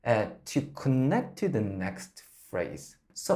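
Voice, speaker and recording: Lively singing coach explaining technique. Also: male voice, medium pitch, takes it slowly, few pauses. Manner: explains, then sings or demonstrates lines. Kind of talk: vocal lesson breakdown.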